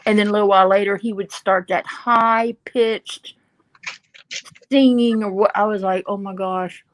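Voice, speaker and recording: A woman's voice: medium pitch, steady tone, normal speed, dry recording. A woman chatting casually and telling funny stories about her family and pets. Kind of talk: casual storytelling.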